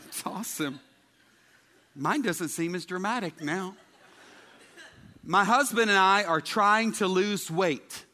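A man preaches a lighthearted sermon to his congregation. His voice sits high and sounds bright and forceful, and he keeps tossing questions out to the crowd. A long reverb from the church hall trails after his words. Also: slow pace, long pauses, slight background noise. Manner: chatty, asks the congregation questions. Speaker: pastor. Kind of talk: humorous sermon. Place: church sanctuary.

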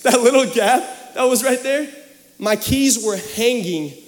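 A young man preaching a sermon in a church, telling a joking, animated story to the congregation. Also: very high voice, unhurried, long reverb tail. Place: church hall.

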